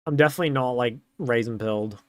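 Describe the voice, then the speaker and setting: A man's voice: mid-range voice, fast talker, no echo, clean studio sound. A young man streaming, chatting casually and answering chat in a laid-back way.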